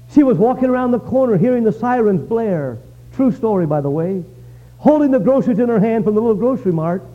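Impassioned high-voiced preacher. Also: male voice. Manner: impassioned dramatic storytelling. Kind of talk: revival sermon. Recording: dull lo-fi recording.

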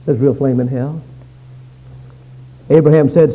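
A man's voice: expressive, moderate pace, narrow, tinny audio. Fiery preacher man. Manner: impassioned, swings between loud pleading and low intensity. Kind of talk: fiery revival sermon.

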